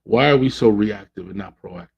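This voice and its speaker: A man's voice: lowish voice, brisk, creaky, slightly rough, dull audio. A man hosting a podcast, giving relationship advice in a preachy monologue and acting out quoted voices. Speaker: podcast host.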